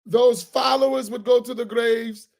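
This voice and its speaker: A man's voice: very high-pitched, fairly even intonation, a little slow, gravelly, darkish tone. A man, an imam, teaching a religious class in a heated, sarcastic way full of rhetorical questions. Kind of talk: heated religious lesson, argumentative.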